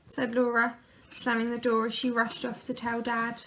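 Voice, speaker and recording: A woman reading a children's picture book aloud, gently and expressively. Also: on the high side, little pitch movement, normal speed. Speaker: storyteller.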